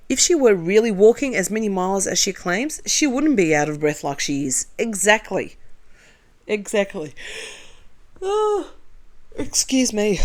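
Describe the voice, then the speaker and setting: Blunt, opinionated woman with a lowish voice. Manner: blunt and opinionated, chatty asides. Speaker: commentary channel host. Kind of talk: casual commentary reading viewer comments.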